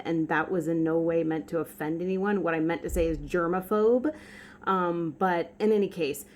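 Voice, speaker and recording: A woman with a fairly low voice chats casually to her phone camera in a vlog. She wanders and corrects herself with plenty of fillers, and faint noise sits under her voice. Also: darkish tone. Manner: chatty, self-correcting, with fillers. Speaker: vlogger.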